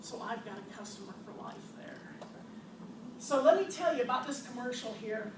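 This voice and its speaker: A woman who owns a store, telling animated customer stories to an audience with frequent laughter. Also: on the high side, normal speed. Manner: animated, laughs often, acts out customers' quotes. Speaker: store owner presenting to a business audience. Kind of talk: storytelling presentation. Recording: distant, echoey, noisy room recording.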